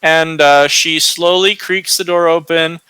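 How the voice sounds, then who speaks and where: A male game master narrating a tabletop adventure at an unhurried, halting pace, with plenty of fillers. His voice is bright and smooth, recorded dry and close. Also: fairly high pitch, fairly even intonation, no room sound, poor audio. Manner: slow, hesitant, many fillers.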